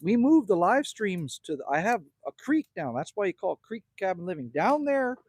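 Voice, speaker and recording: A man's voice: high-pitched, sing-song, moderate pace, darkish tone, slightly rough, dry recording. A middle-aged Canadian man hosting a casual outdoor livestream, joking and greeting viewers by name as he reads their comments. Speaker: livestream host. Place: outdoors at a cabin.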